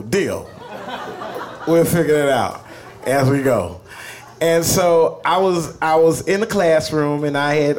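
A man telling a funny personal story live, swearing freely and laughing as he talks. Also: medium pitch. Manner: profane, animated, laughs mid-sentence.

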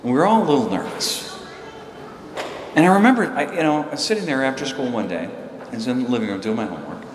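A man in his sixties delivers a sermon in a large, echoing church hall, with steady room noise behind him. He moves from quiet storytelling to emphatic, fervent peaks. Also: lowish voice. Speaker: preacher.

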